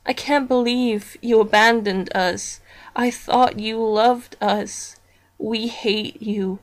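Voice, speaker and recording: Haunted female pet plush played by a woman, cold and accusing, drawn-out slow lines, slightly high voice. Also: steady tone.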